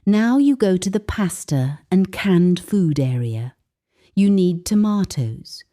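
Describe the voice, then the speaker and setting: A woman narrates an English lesson at an unhurried pace, speaking slowly and clearly. Her tone is mellow, and her pitch moves up and down a lot, rising whenever she reads out an example phrase. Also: expressive. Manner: slow and clear, sample phrases read with a higher lilt. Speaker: English teacher.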